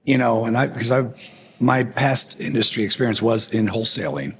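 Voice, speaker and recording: A man's voice: medium pitch, brisk. A man speaking as a company executive in a casual business interview, plainspoken and joking, often restarting his sentences. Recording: noisy background.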